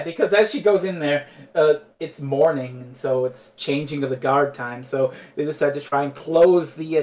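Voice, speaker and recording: A man co-hosting a podcast, recapping an episode in casual chat and briefly acting out the characters. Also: medium pitch. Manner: animated, acts out characters mid-recap. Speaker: podcast co-host.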